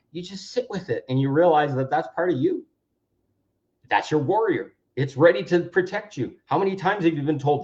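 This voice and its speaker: A man's voice: medium pitch, darkish tone. A man giving an earnest, reflective self-help talk, now and then acting out what people say. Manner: earnest, acts out quoted voices. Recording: dull lo-fi sound.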